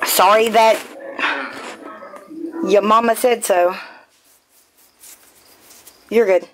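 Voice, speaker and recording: A woman's voice: mid-range voice, fairly even intonation, very slow, slight background noise. Blunt, foul-mouthed woman streamer. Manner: blunt, profane, rambling with fillers. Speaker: live streamer. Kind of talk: casual live stream chat.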